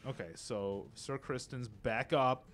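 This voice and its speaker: A man, a game designer, playing on a live stream and talking through his moves in casual, quick reactions. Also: medium pitch, crowd noise. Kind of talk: casual play-by-play while gaming.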